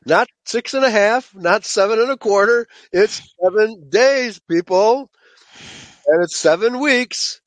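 A man with a fairly high voice teaches a Bible study lecture to a group. He speaks emphatically, stresses his points, and keeps checking in with his listeners. The sound is dry and close, with no room echo. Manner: emphatic, checks in with frequent "okay?"; addresses listeners as "folks".

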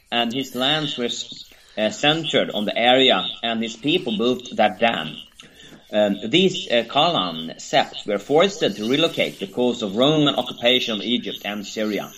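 A man co-hosting a talk show, reading a history text aloud in a halting, hesitant way, with many fillers and stumbles over names. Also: mid-range voice, fairly bright tone, low-quality recording. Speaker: podcast co-host.

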